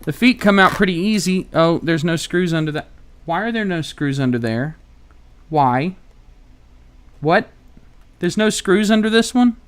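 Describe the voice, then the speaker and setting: A man's voice: high-pitched, lively intonation, measured pace, long pauses, clear, resonant tone. An American man doing casual live-stream commentary while taking apart a laptop, wry and a bit profane, thinking aloud as he works. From United States. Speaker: tech repair streamer.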